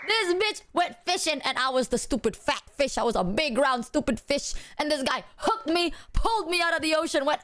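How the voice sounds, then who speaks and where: A young woman streamer ranting to her viewers in an animated, profane, casual way. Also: sits high, fairly quick.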